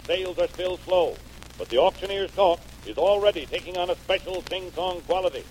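A man's voice: high voice, a little fast, darkish tone, slight background noise, poor audio. A man narrating a scripted old-time radio segment in a declamatory announcer manner.

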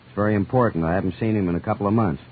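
Skeptical straight man, male, low and husky, vintage radio sound. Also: racing, slight background noise. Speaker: comedy double act partner. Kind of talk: 1930s radio comedy dialogue. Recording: tinny old radio broadcast.

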